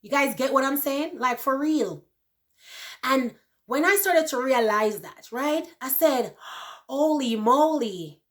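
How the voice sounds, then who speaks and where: A woman in her thirties talking casually to her viewers, animated, laughing often and checking in with "you know" and "right". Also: high-pitched, unhurried. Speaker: vlogger. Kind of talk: casual chat to camera.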